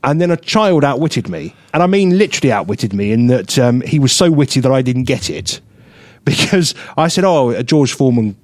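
Animated man telling a story. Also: medium pitch, a little fast, dry recording. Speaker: radio co-host. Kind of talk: casual radio chat. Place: radio studio.

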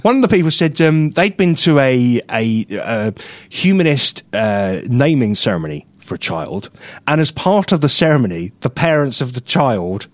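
A man's voice: medium pitch, normal speed, no echo. A man, co-hosting a casual radio chat show and telling stories with lots of laughter. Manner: animated, laughing storyteller. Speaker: radio co-host. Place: radio studio.

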